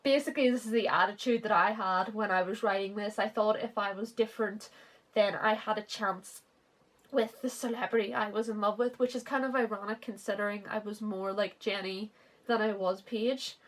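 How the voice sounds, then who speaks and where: A woman's voice: mid-range voice, fairly even intonation, moderate pace. A woman in her twenties giving a sarcastic comic read-through of her old fan fiction, laughing often and swearing. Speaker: author reviewing her teen fanfiction.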